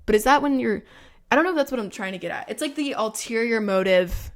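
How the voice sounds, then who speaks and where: A woman's voice: a little high, expressive, fast. A woman in her twenties hosting a podcast, chatting casually with frank, profane, rambling talk full of fillers. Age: 20s. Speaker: podcast host. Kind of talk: casual chat.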